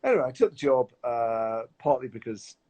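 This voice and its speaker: A man with a medium-pitched voice chats casually at a moderate pace on a live video call, picked up by his phone. He tells set stories as animated anecdotes, acting out other people's lines.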